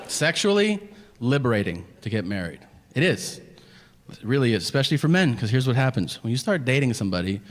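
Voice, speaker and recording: A man's voice: mid-range voice, a little fast. A stand-up comedian in his thirties telling a profane story on stage, acting out both sides of a conversation. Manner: animated, profane storytelling with acted-out dialogue. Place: comedy club stage before a laughing audience. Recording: reverberant venue with crowd noise.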